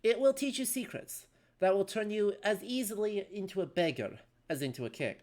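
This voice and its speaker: A formal English gentleman narrator, grave and unhurried as he warns the player, put on by a streamer. The voice drawls each word with old-fashioned solemnity, English accent throughout. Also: mid-range voice, lively intonation, lightly acted. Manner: slow, grave, formal warnings. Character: stately English gentleman narrator of a card game. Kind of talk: reading game text aloud in character.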